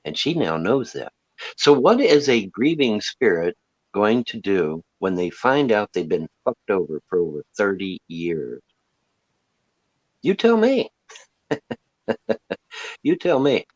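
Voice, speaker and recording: A lower-voiced man rants to his audience in a sarcastic, mocking tone. His pitch swings wildly as he leans on words with sing-song emphasis. The sound is dull and lo-fi, with no room echo. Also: big pitch swings, measured pace. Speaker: livestream host. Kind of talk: ranting monologue.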